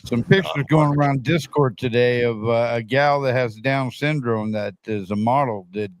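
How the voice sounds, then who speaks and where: A man's voice: mid-range voice, moderate pace, no echo, rough recording. A man on a podcast making blunt, crude remarks in casual chat. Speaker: podcast co-host.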